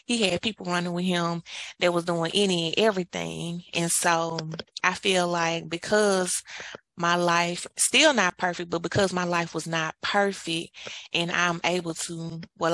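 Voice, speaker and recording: A woman's voice: on the low side, a bit bright, dry recording, low-quality recording. A woman with a Memphis Southern accent, co-hosting a podcast, talking in an easygoing, reflective way. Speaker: podcast co-host, entrepreneur. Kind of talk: casual podcast chat.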